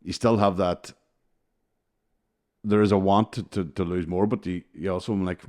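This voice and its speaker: Man, low pitch, casual podcast chat, swears a lot, storytelling. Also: fairly even intonation, moderate pace, a little mellow. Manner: sweary, storytelling, laughs often. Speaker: podcast co-host.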